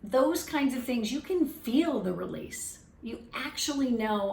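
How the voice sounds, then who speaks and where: Woman, gravelly voice, reflective teaching talk, recorded distant in an echoey room with faint ambience. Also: fairly high pitch, lively intonation, a little slow, few pauses, darkish tone, slight background noise. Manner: earnest, reflective, restarts phrases. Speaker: speaker on emotional wellbeing.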